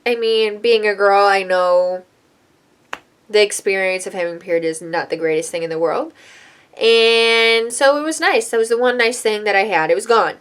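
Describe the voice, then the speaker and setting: A woman's voice: medium pitch, moderate pace, fairly bright tone, smooth. A woman in her twenties, a hairstylist, telling a personal story in a candid, emotional, chatty vlog style.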